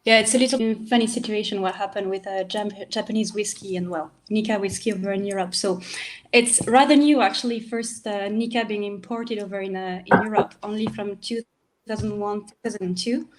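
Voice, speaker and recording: A woman from France with a French accent, presenting a whisky over a video call in a relaxed, informative way. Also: mid-range voice, a little fast, a little hiss or hum. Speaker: whisky brand representative. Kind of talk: casual explanation.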